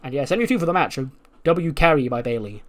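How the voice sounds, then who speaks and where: A man's voice: medium pitch, expressive, fast talker, fairly bright tone. A man narrating a wrestling sim playthrough in a casual, chatty way. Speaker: gaming YouTuber.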